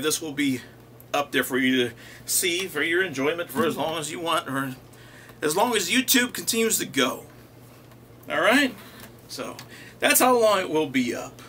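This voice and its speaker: A man's voice: fairly high pitch, a little hiss or hum. A man hosting his own rockabilly music show, chatting casually between songs with easygoing asides. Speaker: rockabilly singer and show host. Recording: loud guitar music under the voice.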